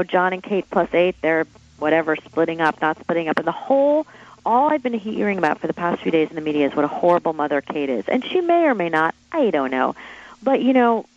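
A woman author being interviewed, telling stories in an animated, chatty way with quick asides and acted-out quotes. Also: on the low side, dull audio. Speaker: author guest. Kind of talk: interview storytelling.

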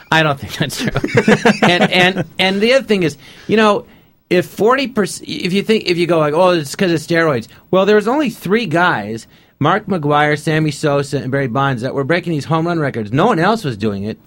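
A man's voice: fairly high pitch, expressive, fairly quick. A man being interviewed on a radio show, telling anecdotes casually and acting out the conversations he remembers. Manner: anecdotal, acts out past conversations in quotes. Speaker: guest comedian.

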